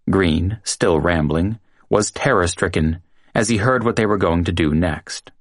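A man reading true-crime narration in a measured, dramatic storytelling manner. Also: low voice, no echo, clean studio sound. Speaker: audiobook narrator.

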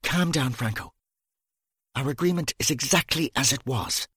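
A man's voice: mid-range voice, normal speed, fairly bright tone, breathy edge, dry recording, clean studio sound. A man voicing a controlled female police detective who speaks in short, reproving sentences in an audiobook. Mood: stern.

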